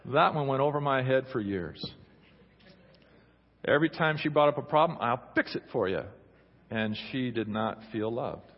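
A man's voice: mid-range voice, normal speed. A middle-aged male pastor preaching a sermon in a conversational, humorous way, acting out little quotes. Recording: dull recording with long hall reverb.

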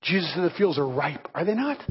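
With a fairly high pitch, quick pace, and slight roughness, this pastor's sermon is full of animated storytelling in which he imitates the people involved. It was recorded in a dull, reverberant hall.

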